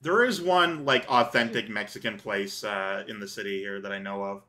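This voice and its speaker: A man's voice: lowish voice, moderate pace, bright, forceful tone. A Canadian man hosting a casual co-op gameplay chat, joking and rambling with many fillers and restarts. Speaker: gaming channel host.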